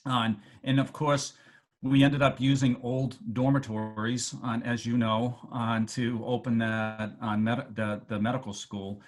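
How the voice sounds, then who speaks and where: A man with a Boston accent giving a halting speech over a video call to alumni, with many fillers and restarts. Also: mid-range voice, flat delivery. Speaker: medical school dean addressing alumni.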